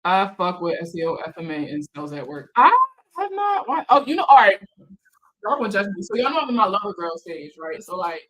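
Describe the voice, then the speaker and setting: A woman hosts a relaxed livestream chat in a bright, forceful voice. She talks in loose slang with plenty of swearing and laughs often. She reads out viewer comments and answers them. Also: mid-range voice, a little fast, rough recording. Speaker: financial counselor hosting a live chat.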